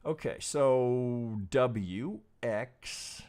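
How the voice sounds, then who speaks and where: A middle-aged man hosting a trading stream, talking over charts in a casual, profane, animated way. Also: mid-range voice, clean tone. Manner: profane, animated, mimics clueless traders in quick asides. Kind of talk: casual live chart commentary.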